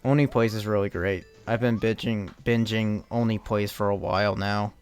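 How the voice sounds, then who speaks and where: A man's voice: lowish voice, fairly even intonation, moderate pace, clear, resonant tone, soft background music. Chatty young man streaming a game. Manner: rambling, chatty, with frequent restarts and casual swearing. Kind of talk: casual live-stream commentary while playing.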